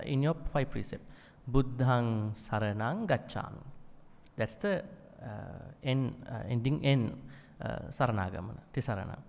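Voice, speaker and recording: Male monk, mid-pitched, patient classroom explainer, long hall reverb. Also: gravelly, darkish tone. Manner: explains patiently, fillers, demonstrates chanting. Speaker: Buddhist monk teaching Pali. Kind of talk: classroom teaching.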